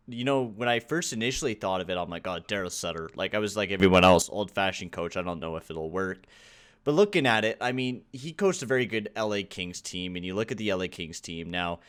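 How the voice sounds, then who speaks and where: Low smooth voice, podcast dude musing with lots of uhs and likes. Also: male voice, fairly bright tone. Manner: thinking aloud with many fillers. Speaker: podcast co-host. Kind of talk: casual chat.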